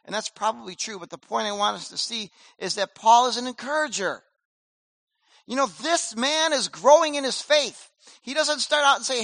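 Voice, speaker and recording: High, bright-voiced man preaching. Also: moderate pace, gravelly, no echo. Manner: animated, conversational preaching with casual slang. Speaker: pastor. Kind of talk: sermon.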